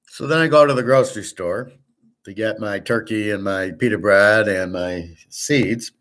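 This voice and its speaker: A man's voice: fairly low pitch, moderate pace, a bit bright. A man hosting his own show, telling stories in a blunt, boastful, profane casual monologue and acting out both sides of each exchange. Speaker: host of a sports picks show.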